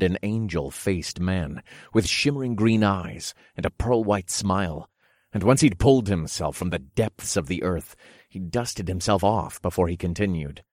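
Brief: male audiobook narrator, deep, steady, dramatic, dry booth sound. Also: measured pace, dry recording. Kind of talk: first-person audiobook narration.

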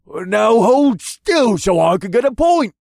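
A man voicing a clumsy, hot-headed male swordsman who shouts and blusters. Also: high voice, big pitch swings, slow pace, gravelly, dry recording, studio quality, voice pushed up, exaggerated voice. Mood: angry. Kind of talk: audiobook character voice.

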